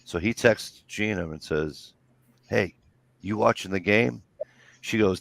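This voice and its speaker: A man's voice: fairly low pitch, slow, vocal fry, a bit bright, dry recording. A man, telling rambling, swear-filled stories in casual chat. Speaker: storyteller.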